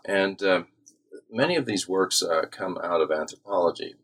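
A man's voice: low-pitched, expressive, moderate pace, fairly bright tone. A man, an author, answering questions in an academic interview, hesitant, with many fillers and restarts.

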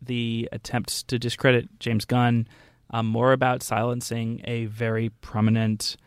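A man's voice: mid-range voice, monotone, unhurried, clear, resonant tone, no room sound, studio quality. Blunt man arguing on a radio panel.

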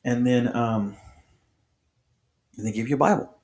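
A man's voice: mid-range voice, a little slow, a little mellow. A man on a podcast telling his personal faith testimony in an earnest, conversational way, full of restarts and voiced quotes. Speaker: podcast guest.

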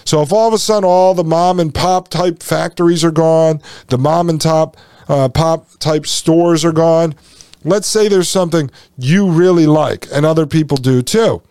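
A man's voice: a little high, normal speed, darkish tone, smooth, no echo, clean studio sound. A man hosting a podcast, reading from a text and commenting on it in a folksy, sarcastic way that addresses the listeners directly. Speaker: podcast host.

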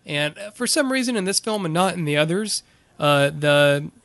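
A man co-hosting a podcast, chatting casually about a movie and recapping its plot in a halting way, with plenty of fillers. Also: a little high, expressive, fairly bright tone, dry recording. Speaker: podcast co-host. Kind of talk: casual movie review chat.

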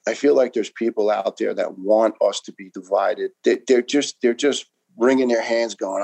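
A man's voice: fairly low pitch, normal speed, vocal fry, a little mellow, low-quality recording. A man in his fifties from New York, a retired firefighter telling his story in an interview with passion, emphasis and frequent restarts.

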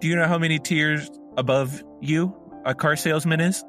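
A man's voice: medium pitch, expressive, normal speed, sharp tone, faint music behind. A man voicing an entitled, indignant middle-aged woman customer who talks in a huffy, demanding way.

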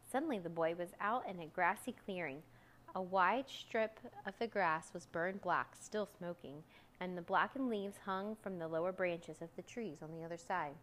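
A woman reading a children's storybook aloud in a calm, steady way. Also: lowish voice, moderate pace.

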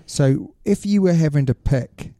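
A male podcast co-host chats casually, explaining his points at length and setting up questions. His voice is on the high side and warm, a little slow, recorded dry with studio quality.

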